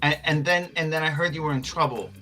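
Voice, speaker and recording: A man's voice: a little high, fairly even intonation, quick pace, bright, forceful tone, faint music behind. A man playing a tabletop roleplaying game who speaks in a hesitant, stammering way, often in character. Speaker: player.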